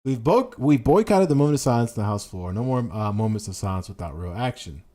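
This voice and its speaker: Speaking fast in a mellow, medium-pitched voice, this man comes across as animated. He streams political commentary, ranting casually as he reads headlines out loud. He keeps tripping over words and restarting, and he drives his points in with emphatic repetition.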